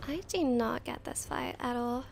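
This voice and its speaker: A tired woman streaming a game, chatting casually and swearing, and sometimes talking to her dogs in a high baby voice. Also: moderate pace, creaky. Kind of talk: casual gameplay commentary.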